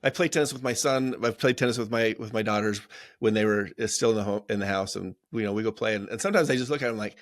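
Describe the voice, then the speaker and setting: A man's voice: on the low side, fast talker. Easygoing middle-aged male podcast host. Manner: easygoing, asks questions and adds brief agreement. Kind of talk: casual interview chat.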